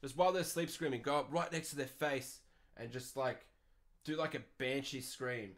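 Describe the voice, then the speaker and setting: A young Australian man hosts an advice podcast, answering listener questions in a blunt, profane rant. His voice is mid-range and fairly bright, and he talks at a normal speed.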